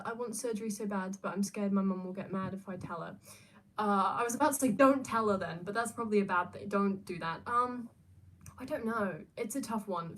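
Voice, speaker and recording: A woman's voice: medium pitch, a bit bright. A young adult woman, chatting casually on a livestream and answering viewer questions, rambling with lots of fillers and restarts. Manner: rambling, many fillers and restarts, laughs often.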